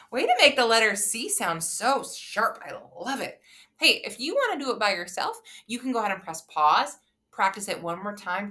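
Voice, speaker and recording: Bright, lively-voiced woman teaching phonics. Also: mid-range voice. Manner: upbeat, encouraging, sing-song with drawn-out words. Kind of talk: phonics lesson for young children.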